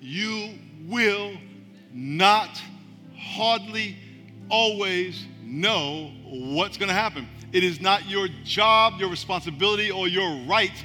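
A male pastor with a high, sharply bright voice preaching a sermon in a large church hall. He swings between hushed, intimate urging and loud, rousing calls to come forward. Long reverb and faint music hang behind him. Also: slow. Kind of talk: sermon with altar call.

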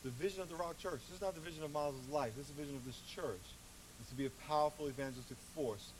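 A middle-aged man preaching a sermon as pastor, animated, with congregation call-outs. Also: a little high, rapid-fire. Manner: animated, acts out voices, calls for congregation responses. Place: church hall. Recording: distant mic with faint hiss.

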